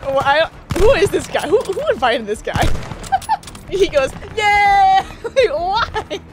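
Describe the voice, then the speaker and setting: A woman streamer giving casual, excitable commentary as she plays a shooter, laughing often and talking to the game. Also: very high-pitched, slow pace. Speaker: gaming streamer. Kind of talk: casual let's-play commentary. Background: game music and gunfire.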